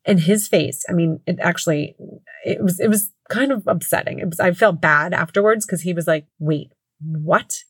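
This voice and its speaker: A woman in her thirties or forties hosts a podcast and tells a family story in a chatty, rambling way, with lots of fillers and self-corrections. Her voice sits a little low for a woman. The recording is dry and close. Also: brisk, breathy edge, dry recording. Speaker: podcast host, mother. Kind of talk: casual storytelling.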